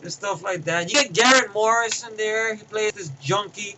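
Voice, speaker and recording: A man's voice: high-pitched, normal speed, bright, forceful tone, a little hiss or hum, rough recording. A man giving a casual spoken movie review, rambling through scene recaps with fillers and restarts.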